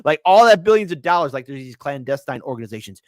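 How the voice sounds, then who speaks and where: A man co-hosting a podcast in loose, animated banter, often putting on mocking voices. His voice sits a little high and swings widely in pitch. The sound is dry and close. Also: fast talker, no room sound. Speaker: guest co-host.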